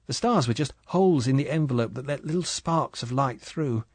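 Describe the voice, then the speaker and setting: A man voicing a timid, lonely young wife from England, speaking softly with a strained eagerness. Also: mid-range voice, fairly quick, dry recording, pitched above the performer's own voice, natural voice. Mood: soft wistful.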